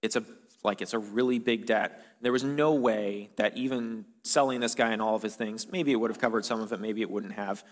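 A man gives a church sermon in a loose, conversational manner, often pausing on fillers. His voice sits on the lower side. The sound rings with a long reverb from a large hall. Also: steady tone. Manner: casual, conversational preaching with many fillers. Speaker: pastor.

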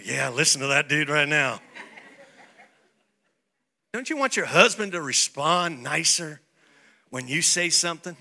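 A male pastor preaching a sermon, swinging from soft playful asides to shouted declarations. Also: on the high side, lively intonation, measured pace, creaky, pauses often.

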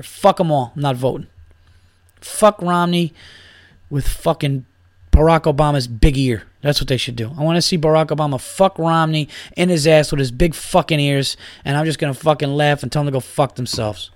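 Male comic podcaster, solo rant, profane and rambling, voice sits a bit high. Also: a little fast, no echo, studio quality. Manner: rambling, profane, gets worked up and loud. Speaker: podcast host, stand-up comic.

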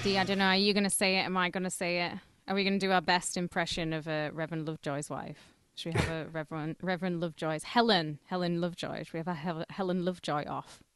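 A woman's voice: lowish voice, little pitch movement, a bit bright, faint music behind. A woman from Carlisle with a Cumbrian accent, co-hosting a comedy podcast in a teasing, giggly way. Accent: Cumbrian English. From Carlisle, England. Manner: giggly, teasing, quick to laugh. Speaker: podcast co-host. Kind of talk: casual comedic chat.

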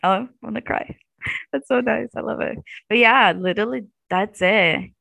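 A young woman in her twenties chats as an interview guest, talkative and warm with lots of "like" fillers. Her voice has a creaky, gravelly fry. The sound is dry and close. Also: on the high side, normal speed, dry recording, low-quality recording. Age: 20s. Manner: chatty, laughs often, fillers like "like". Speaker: graduate student guest. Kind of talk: casual interview chat.

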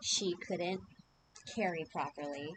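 A young woman co-hosting a casual chat, telling stories in an animated way, swearing freely and laughing often. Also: fairly low pitch, a little slow, background noise. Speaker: podcast co-host.

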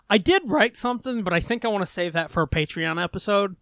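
A man's voice: high-pitched, lively intonation, quick pace, fairly bright tone, dry recording, studio quality. A man hosting a podcast in casual chat, joking crudely and laughing often. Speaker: podcast host.

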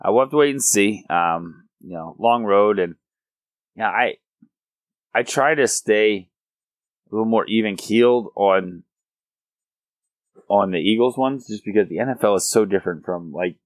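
Young male co-host, low voice, dry close recording, animated sports banter. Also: moderate pace, pauses often, no echo. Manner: animated, rises in pitch when excited. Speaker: podcast co-host. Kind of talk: casual sports chat.

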